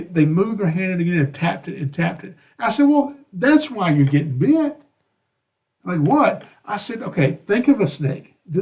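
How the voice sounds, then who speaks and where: A podcast host who is also a snake handler tells stories in a casual monologue, his voice a bit higher than most men's. His style is relaxed and folksy, and he acts out the voices of the people he quotes.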